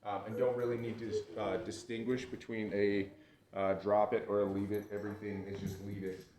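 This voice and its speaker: A man's voice: on the low side, moderate pace. Man dog trainer, distant roomy sound. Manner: relaxed, instructive, praising the dog. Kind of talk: outdoor training demonstration. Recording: roomy, distant mic with loud noise.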